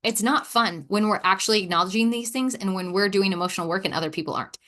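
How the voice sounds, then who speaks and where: A woman's voice: mid-range voice, fast, a bit bright. A woman hosting a casual self-help podcast, talking candidly and self-deprecatingly, sighing, with playful sass. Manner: acts out quoted dialogue in shifting voices. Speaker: podcast host.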